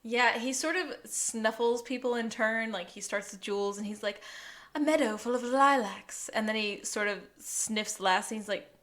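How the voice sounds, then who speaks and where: A woman's voice: fairly high pitch, fairly even intonation, moderate pace, few pauses, fairly bright tone. A woman co-hosting a podcast, chatting casually and laughing often as she recaps a TV episode. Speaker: podcast co-host.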